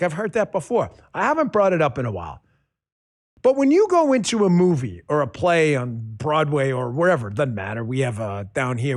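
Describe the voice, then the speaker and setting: Animated, high-pitched male host. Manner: animated, sarcastic, mocking impressions. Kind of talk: political commentary monologue.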